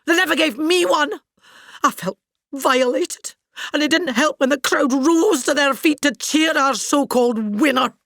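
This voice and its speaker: A woman's voice: on the low side, animated, moderate pace, dry recording, clean studio sound, natural voice. A woman playing a pompous older Scottish actress. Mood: grand. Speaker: comic monologue narrator. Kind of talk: scripted comic monologue.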